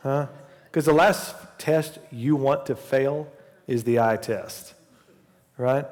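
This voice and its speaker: A man's voice: medium pitch, takes it slowly, a little mellow, long reverb tail. A man in his forties preaching a sermon in church as the pastor, telling a casual personal story before building to fervent preaching. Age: 40s. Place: church sanctuary.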